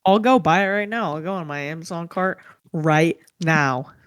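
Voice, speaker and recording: A woman with a fairly low voice, chatting casually as a podcast co-host. She is blunt and swears freely. The sound is dry and close. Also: normal speed, clean tone, no echo. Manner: blunt, swears freely, loud disgusted outbursts. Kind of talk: casual chat.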